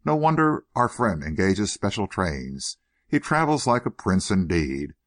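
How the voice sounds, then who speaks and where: A man voicing a suave, solicitous older gentleman schemer with a smooth, faintly ironic manner. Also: low-pitched, sing-song, a little slow. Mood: silky.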